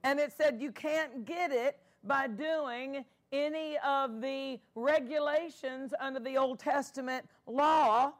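Woman pastor, high voice, unhurried emphatic sermon delivery. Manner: emphatic, repeats key phrases, call-and-response.

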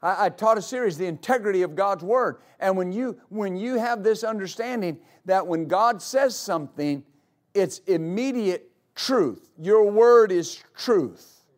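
A pastor preaches to his congregation at a church service, emphatic and repeating key phrases for weight. His high-pitched voice is animated and measured in pace.

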